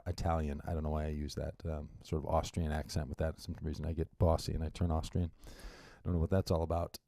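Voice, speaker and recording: This solo radio monologue comes from a man with a low, warm voice, recorded dry. He rambles casually into the studio mic, tossing in wry asides and restarting his thoughts.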